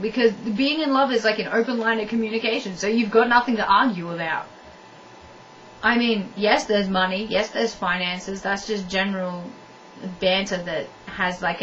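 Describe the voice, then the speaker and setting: This is a young adult woman with a medium, somewhat bright voice, delivering a frank advice monologue on relationships directly to the camera. She keeps repeating herself for emphasis, and the recording sounds distant, muffled, and lightly noisy.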